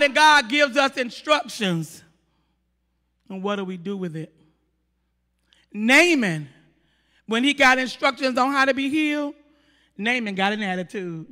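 High-voiced emphatic preacher man. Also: expressive, measured pace, pauses often. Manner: emphatic, rhetorical questions, rising to shouts. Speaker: pastor. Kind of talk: sermon. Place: church sanctuary. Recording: long church hall reverb.

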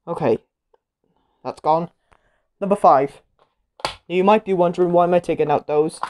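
A woman giving casual commentary while she plays a game show video game, reacting loudly to each result and getting easily annoyed. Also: on the low side, normal speed, slight background noise.

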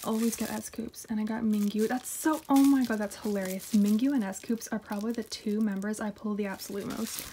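A woman's voice: mid-range voice, fairly quick, few pauses, slight background noise. A young woman in casual chat, unboxing her K-pop haul on her floor at home and gushing, sometimes dropping to a whisper. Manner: gushing, excitable, drops to whispers. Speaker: K-pop collector vlogger.

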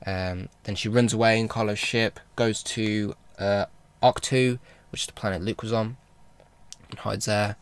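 A man talks through a film recap in a casual vlog, rambling along with plenty of ums and restarts. His voice sits a little low, and he sounds like an eager fan. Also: fairly even intonation, a little slow, clear, resonant tone, no room sound. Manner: rambling, with many fillers and restarts; enthusiastic fan talk. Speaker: vlogger.

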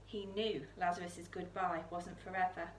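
A woman reading a children's picture book aloud in a church, expressive, with soaring questions and hushed lines. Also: lowish voice, normal speed, roomy sound, a little hiss or hum. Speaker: storyteller.

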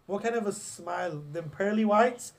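A gravelly, high-pitched male voice at a moderate pace belongs to a young English teacher giving a religious class on hadith. He storytells conversationally, backtracking often and reciting phrases in Arabic.

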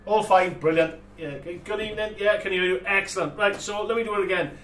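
A man's voice: high voice, fairly even intonation, fast, fairly bright tone, far from the mic. A man hosting a live model-making stream, chatting casually and laughing a lot, with many restarts and fillers. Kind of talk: casual livestream chat. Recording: echoey room, voice from off the mic, faint room noise.

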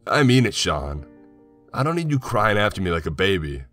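A man voicing a frail, stubborn old grandfather with a low, hoarse voice. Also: big pitch swings, normal speed, a bit bright, faint music behind. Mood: stern.

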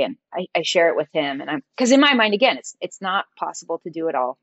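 A middle-aged woman, a podcast guest, telling her story in a lively conversational way. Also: lowish voice, quick pace, hardly any pauses, no echo, dull audio. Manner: animated, acts out quoted dialogue in her stories. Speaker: podcast guest, entrepreneur and designer.

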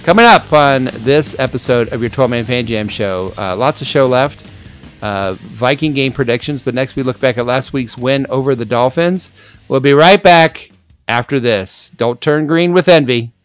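A man's voice: mid-range voice, normal speed, smooth, no room sound, faint music behind. A man hosting a sports fan podcast, upbeat and jokey, laughing often between lines. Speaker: podcast host. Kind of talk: casual chat.

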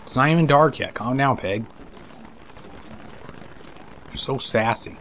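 A man's voice: medium pitch, slow, fairly bright tone, slight background noise. A man giving casual let's-play commentary, chatting to the characters on screen, laughing and swearing as he plays. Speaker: gameplay commentator.

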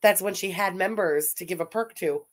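A woman's voice: on the low side, normal speed. A woman giving blunt, sarcastic reaction commentary, mocking what a streamer says.

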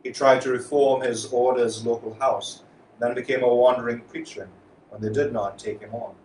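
A priest preaching in an echoey church. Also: male voice, medium pitch, fairly even intonation, moderate pace, a little mellow, distant mic, a little hiss or hum. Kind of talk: reading and homily at Mass.

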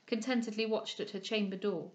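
A woman reading a classic novel aloud in a measured, expressive way. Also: medium pitch. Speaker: audiobook reader. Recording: dull lo-fi recording.

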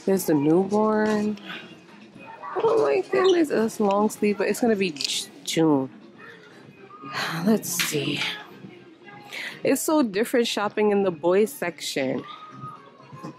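Chatty woman vlogging, lively pitch. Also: unhurried. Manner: chatty, exclaiming often, talking to viewers. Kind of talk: casual vlog narration while shopping. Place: large store, indoors. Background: background music.

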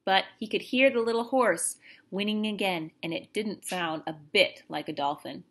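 A teacher reads a children's chapter book aloud, her narration expressive and lively. She is a woman with a steady, middling voice, pacing the story for young listeners. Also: mid-range voice, moderate pace.

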